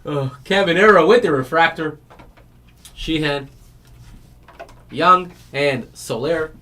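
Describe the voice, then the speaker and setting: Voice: mid-range voice, takes it slowly, bright, forceful tone. A card break host in casual chat, rambling through stories and laughing, then rattling off player names while opening packs.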